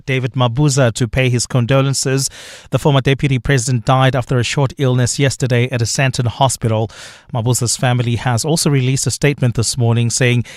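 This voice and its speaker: A man's voice: mid-range voice, dry recording. Formal radio newsreader man, dry sound. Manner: formal, even delivery. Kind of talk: radio news bulletin.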